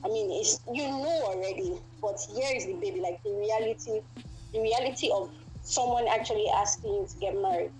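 A woman's voice: mid-range voice, brisk, warm tone, poor audio. A woman guest in a casual chat, talking thoughtfully with many fillers.

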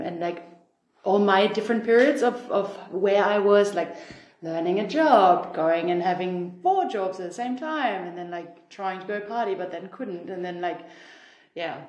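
A woman's voice: fairly low pitch, a little mellow, roomy sound. A young woman from Germany with a German accent touched by Australian English, chatting casually as a podcast guest and laughing often. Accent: German, with some Australian influence. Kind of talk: casual chat.

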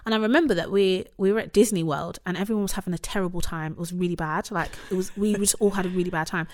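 A woman's voice: lowish voice, fast, a little mellow. A woman in her thirties, casually and candidly telling a personal story with lots of "like" and "you know". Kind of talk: casual conversation.

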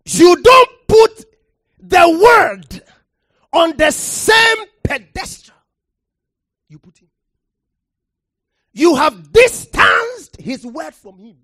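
Passionate preacher mid-sermon: high, swooping pitch, slow measured pace, calls for the crowd to answer back. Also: big pitch swings, no room sound, studio quality. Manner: impassioned, shouting for emphasis with sudden drops to quiet; calls for audience response.

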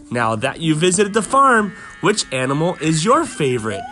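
A father and podcast host reading a farm picture book aloud to his children and making animal sounds in a playful, animated way. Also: fairly high pitch, normal speed, hardly any pauses, faint music behind.

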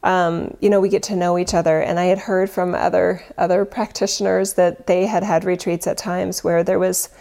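Low, gravelly woman speaking earnestly. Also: flat delivery, moderate pace, few pauses, mellow. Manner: rambling, self-correcting, earnest and open. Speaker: spiritual teacher and retreat leader. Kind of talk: casual spiritual talk.

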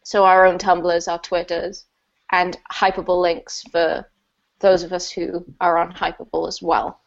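A woman's voice: lowish voice, level tone, measured pace. A woman co-hosting a podcast, explaining things plainly in casual chat. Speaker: podcast co-host. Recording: muffled lo-fi recording.

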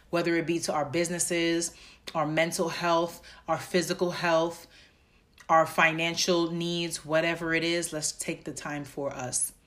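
A woman with a deep, low speaking voice hosts her own podcast. She talks in an earnest, heartfelt way and addresses her listeners directly, as if she were confiding in friends. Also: fairly bright tone. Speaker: podcast host. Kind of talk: personal podcast talk.

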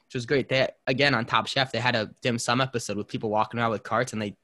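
A man's voice: mid-range voice, fairly even intonation, quick pace, bright, forceful tone. A man hosting a casual podcast chat, rambling between topics with frequent fillers and restarts. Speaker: podcast host.

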